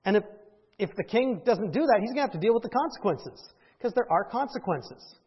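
A man's voice: high voice, animated, fairly quick, slightly rough, muffled recording. A man preaching a conversational sermon who keeps asking the congregation questions and tagging on "right?". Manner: conversational, asks the audience questions, often adds "right?". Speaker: pastor.

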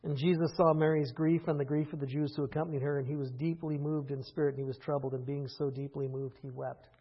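A man preaching a conversational sermon, rising into impassioned stretches and then falling quiet again. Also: a little high, little pitch movement, fast, breathy edge, lo-fi sound. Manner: conversational preaching, builds to impassioned peaks with laughs. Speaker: pastor.

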